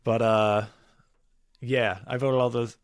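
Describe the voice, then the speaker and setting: A man co-hosting a comedy podcast, talking in a relaxed way with frequent laughs. His voice is mid-pitched, and the recording is dry and close. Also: slow, clean tone, no room sound. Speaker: podcast co-host. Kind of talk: casual chat.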